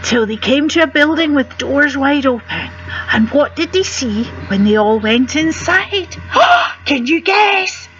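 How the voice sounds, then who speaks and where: A woman's voice: sits high, a bit bright, muffled recording. A woman reading a rhyming picture book aloud to children, gasping and asking the listener questions. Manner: gasps and asks the listener questions. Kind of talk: animated read-aloud storytelling.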